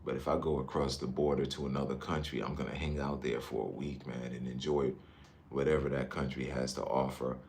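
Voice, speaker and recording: A man from Newark, New Jersey, livestreaming casually from a high-rise hotel room on his phone and chatting with viewers about their comments. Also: level tone, fairly quick, a little mellow, a little hiss or hum. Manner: laid-back, chatty, drifts between comments. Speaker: livestream vlogger.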